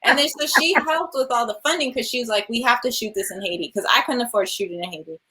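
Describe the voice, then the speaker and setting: Californian woman director on a video call, lively storyteller, does the voices of people she quotes, laughs a lot. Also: fairly high pitch, fast talker, slight background noise. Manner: animated, laughs often, acts out quoted voices. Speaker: film director. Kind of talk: virtual interview storytelling.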